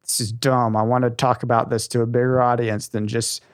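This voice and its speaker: A young man co-hosting a casual podcast, talking in an animated, rambling way with a lot of enthusiasm. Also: medium pitch, a little fast, dry recording, clean studio sound. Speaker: podcast co-host.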